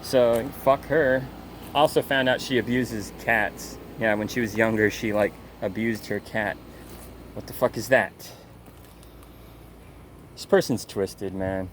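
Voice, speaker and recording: A man's voice: lowish voice, steady tone, takes it slowly, pauses often, a bit bright. A man ranting in a casual, angry and mocking way, swearing often, with faint noise behind him. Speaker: commentator. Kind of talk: casual rant.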